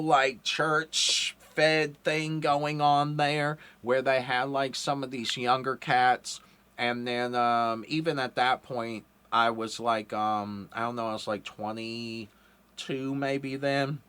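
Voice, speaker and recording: A man's voice: mid-range voice, flat delivery, takes it slowly, sharp tone, clear, resonant tone. A man in his thirties hosting a podcast interview, talking casually and profanely with lots of fillers. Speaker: podcast host.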